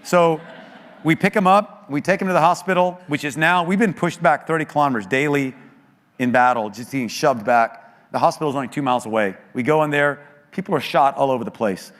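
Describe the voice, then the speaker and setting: A man giving an earnest sermon testimony in a church, telling a story that often drops low and quiet with grief. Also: fairly quick. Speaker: guest speaker at a church. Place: church sanctuary. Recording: long hall reverb.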